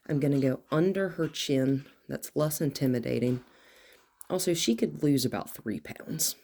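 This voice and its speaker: A woman dog trainer explaining what she does as she handles a nervous dog, now and then dropping into soft, soothing talk. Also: rumbling low, normal speed, creaky.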